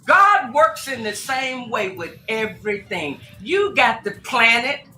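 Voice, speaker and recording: In an echoey room with faint noise and soft background music, a Tacoma, Washington spiritual advisor chats on the radio in a casual, preachy way. Her fairly high voice swings widely in pitch, slow and sharp-toned. She's emphatic and exclamatory, addressing the host as "girl" and "honey."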